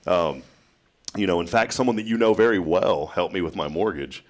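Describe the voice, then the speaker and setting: Deep voiced guy hosting a morning chat show, tells stories, laughs a lot. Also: moderate pace. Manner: chatty storyteller, laughs often. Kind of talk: casual chat.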